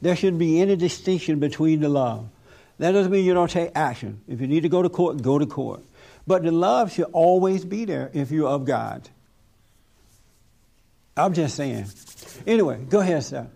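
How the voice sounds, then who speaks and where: A man's voice: fairly high pitch, expressive, normal speed, creaky, mellow. A man leading a group talk as pastor, preaching emphatically and laughing often.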